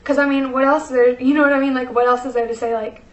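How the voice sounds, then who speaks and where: A woman's voice: high voice, steady tone, quick pace. Chatty young woman in an echoey room. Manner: chatty, many fillers, tearful and laughing. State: emotional, close to tears. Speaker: vlogger. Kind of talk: casual storytelling.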